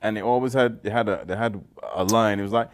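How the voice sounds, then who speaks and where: A man's voice: fairly low pitch, fairly even intonation, quick pace. A man from Barbados in a casual podcast chat, eagerly retelling old sitcoms with frequent restarts and repeated words. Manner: enthusiastic, retells old sitcoms with lines acted out.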